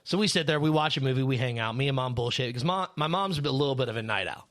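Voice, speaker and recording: Bright-voiced rambling podcast guy. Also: medium pitch, animated, fast. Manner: rambling, swears a lot, many fillers. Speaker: podcast co-host; third shift worker. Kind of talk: casual podcast chat.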